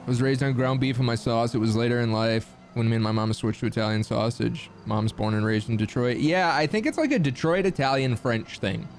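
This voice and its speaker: A young man from the Midwest US chatting casually with his stream chat, swearing freely and making lively asides. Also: mid-range voice, a little fast, few pauses, soft background music.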